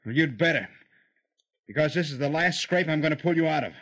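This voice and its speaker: An actor playing a stern, weary older brother in a 1950s radio drama, scolding and blunt. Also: male voice, a little high, animated, fairly quick, fairly bright tone. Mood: grim.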